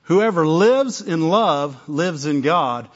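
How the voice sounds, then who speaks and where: A man preaching to his congregation, chatty and plainspoken, breaking off mid-sentence and acting out little exchanges. His voice sits a little high for a man. The recording is dull and lo-fi. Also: lively intonation, slow. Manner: conversational, self-interrupting, acts out little dialogues. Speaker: pastor. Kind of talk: sermon.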